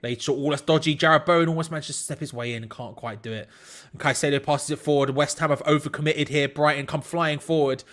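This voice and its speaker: A man's voice: on the high side, fairly even intonation, fast, fairly bright tone. A man hosting a live football watch-along, commenting on play to his chat in disbelief and laughing at bad defending.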